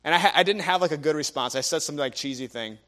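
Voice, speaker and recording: Young guy preaching a sermon, storytelling, really animated, acts out everybody he quotes. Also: a little high, quick pace. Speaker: guest preacher.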